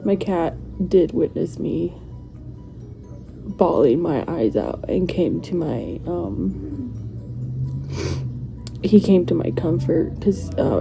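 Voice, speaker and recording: A woman's voice: lowish voice, gravelly. A woman talking emotionally about a book in a casual vlog, rambling and restarting her sentences. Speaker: book reviewer.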